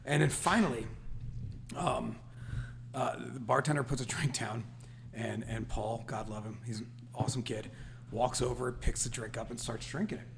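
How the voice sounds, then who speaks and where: A man's voice: medium pitch, vocal fry, a little hiss or hum. A man co-hosting a podcast, telling a story in casual chat and laughing as he goes. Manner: animated, laughs through stories. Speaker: podcast co-host.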